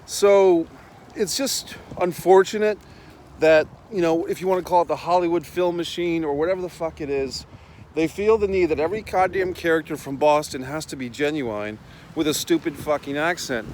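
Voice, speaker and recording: A middle-aged man rambles through a casual outdoor rant, blunt and full of swearing. His voice sits somewhat high for a man. Faint traffic and street sounds run under him. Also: normal speed, a little mellow, poor audio. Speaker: host. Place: outdoors, walking in town.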